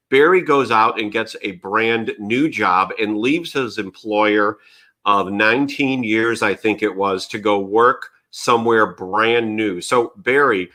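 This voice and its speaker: A man's voice: medium pitch, pushed and bright. A man hosting a live online leadership show, chatting casually with his guest and greeting viewers as they join. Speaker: livestream show host.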